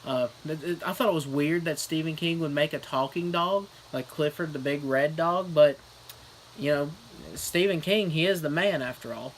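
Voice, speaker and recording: A man's voice: a little high, moderate pace, slight background noise. A young man doing a comedic fake book review, rambling through an absurd plot with lots of fillers. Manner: rambling deadpan storytelling with fillers.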